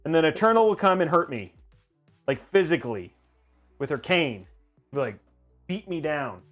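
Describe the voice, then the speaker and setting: A man's voice: fairly high pitch, expressive, normal speed, a bit bright, soft background music. A man hosting a livestream in casual chat, rambling and joking at his own expense. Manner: rambling, playful, self-mocking. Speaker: livestream host.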